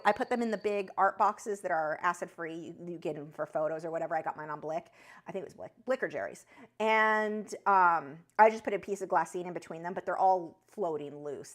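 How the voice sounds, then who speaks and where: A woman with a high voice that she says sounds like a chipmunk, chatting loosely with her viewers on an art live stream, with lots of fillers and restarts. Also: a bit bright. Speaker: art teacher answering chat. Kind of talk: casual live-stream chat.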